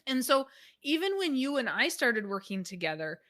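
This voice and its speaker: A woman with a high-set, bright voice chats casually as a guest. She talks in a lively way and acts out her own past reactions as she goes. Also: normal speed. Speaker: guest, financial author. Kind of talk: casual conversation.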